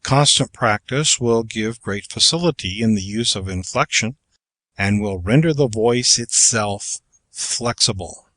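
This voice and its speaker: A man reading aloud from a public speaking manual as scripted narration, working through numbered exercises in a measured, even way. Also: on the low side, dry recording. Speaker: audiobook reader.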